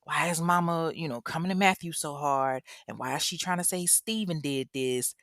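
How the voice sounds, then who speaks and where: A woman doing a hushed, shaken girl. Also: low voice, moderate pace, dry recording, clean studio sound. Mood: bewildered. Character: shaken young girl, quietly alarmed.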